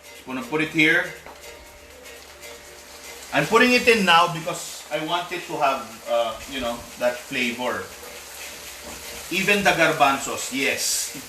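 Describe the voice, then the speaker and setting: Cooking on a live stream, a man with a Filipino accent chats casually and slips Tagalog into his English. His voice sits on the high side with a sharp tone, expressive and a bit slow, pausing often. He's recorded from a distance, off-mic in an echoey room with faint music.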